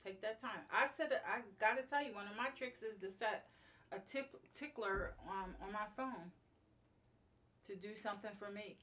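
A woman's voice: mid-range voice, normal speed, fairly bright tone, distant mic. A woman guest talking casually in an interview, emphatic and fond of repeating key phrases. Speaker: guest, beauty bar co-owner.

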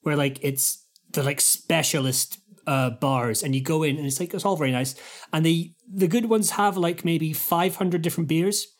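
Guy on a video call chatting loose, rambling stories, booming fan impressions. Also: moderate pace. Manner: rambling storyteller, mimics fans loudly. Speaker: guest musician. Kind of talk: casual chat.

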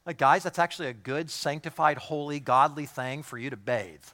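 Bright-voiced joking male pastor. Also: a little high, normal speed. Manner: animated, jokey, acts out quoted voices. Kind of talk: sermon.

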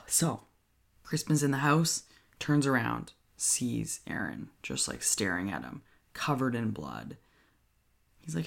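A speaker casually recapping a horror film, excitable and full of fillers and swearing. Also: mid-range voice, slow, vocal fry. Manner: excitable, heavy use of "like", swears. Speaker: horror movie reviewer.

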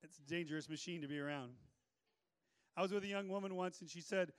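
High-voiced, lively male preacher. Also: fast talker, clear, resonant tone, no room sound. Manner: energetic, joking preaching with playful asides. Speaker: pastor. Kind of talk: sermon.

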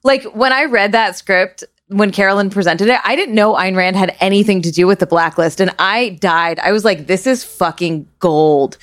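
A woman's voice: mid-range voice, moderate pace, hardly any pauses, a bit bright. A woman directing a show, talking enthusiastically and swearing casually on a podcast.

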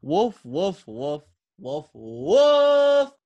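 An eager, excitable dog barks over and over in loud, yelping bursts that leap up in pitch. A man does the barking himself. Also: drawn-out words, dull audio, heavily acted. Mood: barking eagerly. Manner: yelping barks that jump high.

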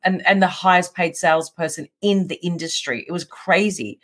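A middle-aged woman in a casual interview, telling a story with lively energy, often laughing and acting out what people said. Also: lowish voice, moderate pace. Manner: animated, laughs often, acts out quotes. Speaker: guest.

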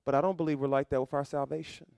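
Middle-aged male pastor, preaching sermon, fairly high voice, dry close sound. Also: little pitch movement, rapid-fire, gravelly, clear, resonant tone, no echo. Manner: call-and-response preaching, building to loud emphatic peaks.

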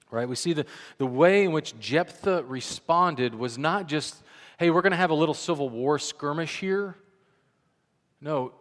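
A man preaching a sermon in a conversational, animated way, acting out the voices he quotes. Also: mid-range voice, long reverb tail. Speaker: pastor.

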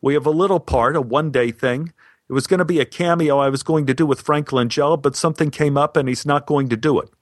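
A man's voice: fairly high pitch, big pitch swings, fairly bright tone, husky, no echo, clean studio sound, voice pushed up, exaggerated voice. A man voicing a cheerful, friendly older male filmmaker on a phone call, in a voice a bit above his own. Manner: upbeat, friendly, brisk.

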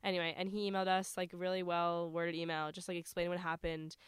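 A woman's voice: lowish voice, little pitch movement, clean tone, no room sound. A young college woman from New York chatting casually with a friend, rattling on with lots of "like" fillers. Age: young adult. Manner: fast, chatty, frequent "like" fillers. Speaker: college student co-host. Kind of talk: casual chat.

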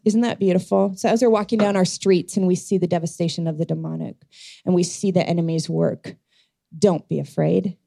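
A woman's voice: on the low side, level tone, fairly quick, vocal fry, dark tone, no echo, clean studio sound. A woman preaching a sermon as a pastor, telling a scripture story and reading verses in an earnest way.

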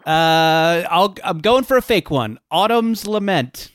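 A man's voice: high-pitched, lively intonation, takes it slowly, a bit bright, slight background noise. A man bantering wryly in a casual comedy podcast chat, often laughing. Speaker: podcast co-host.

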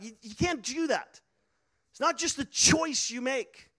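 A man's voice: very high voice, moderate pace, bright, forceful tone. A man preaching a sermon, telling a personal story earnestly with many fillers and restarts. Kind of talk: sermon testimony.

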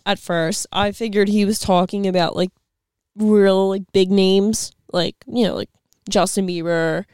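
A woman's voice: mid-range voice, fairly even intonation, unhurried, a little mellow, clear, resonant tone, dry recording. Blunt, swearing woman podcast co-host. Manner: blunt, swears freely, dry teasing. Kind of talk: casual chat.

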